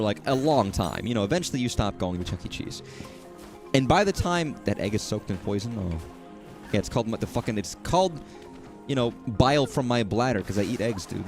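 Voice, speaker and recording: A man's voice: medium pitch, no room sound, studio quality. A man from Texas streaming, rambling casually, joking and swearing as he talks.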